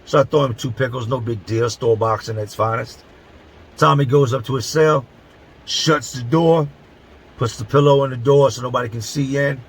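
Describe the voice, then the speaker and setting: A man's voice: medium pitch, steady tone, moderate pace, breathy edge, low-quality recording. A middle-aged man from Philadelphia telling a prison story in blunt, profane street talk, stretching words for emphasis. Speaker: channel host telling prison stories. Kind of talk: casual storytelling to camera.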